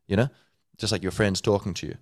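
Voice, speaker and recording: A man's voice: lowish voice, steady tone, quick pace, no room sound, studio quality. A man hosting a podcast, thinking aloud in a rambling, playful way with many fillers. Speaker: podcast host. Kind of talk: casual solo talk.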